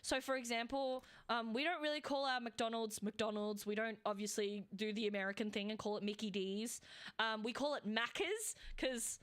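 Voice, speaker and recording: An Australian woman chats casually while streaming a game live, rambling along with lots of fillers and laughter. Her voice is a little high and smooth with a fairly bright tone, at a normal speed.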